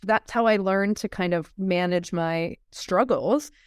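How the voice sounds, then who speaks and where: A woman telling her personal story as a podcast guest, animated and acting out the dialogue she quotes. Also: mid-range voice, unhurried, clean tone, dry recording, clean studio sound.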